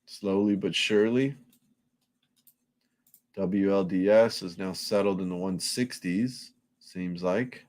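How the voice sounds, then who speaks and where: A man with a fairly low voice chats loosely on a live stream. He curses freely and rambles, often breaking off and restarting his sentences. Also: slow, pauses often, a little mellow. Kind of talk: casual live-stream chat.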